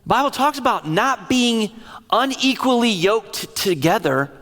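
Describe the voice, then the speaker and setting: A middle-aged man preaching a sermon as a pastor, telling stories in an emotional, animated way. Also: sits high, a little slow. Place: large church sanctuary. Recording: long reverb of a large hall.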